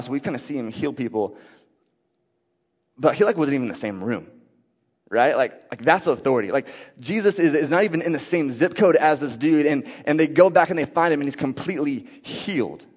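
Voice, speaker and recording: A man preaching a casual sermon, reading scripture and explaining it in a conversational way, full of fillers and "right?". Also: mid-range voice. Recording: dull sound with long hall reverb.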